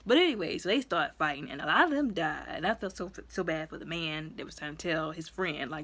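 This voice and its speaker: A woman casually recapping a movie in a chatty, animated way. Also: sits low, brisk, few pauses, breathy edge. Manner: chatty, animated, colloquial, acts out quotes. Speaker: movie reviewer.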